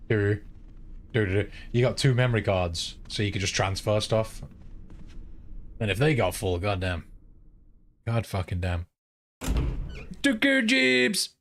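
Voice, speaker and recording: A lowish British man chats casually through a game stream, cursing freely and humming little tunes between remarks. His talk is loose and offhand, with a faint hiss behind him. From Britain. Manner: chatty, profane, hums to himself. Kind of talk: casual gameplay stream chat.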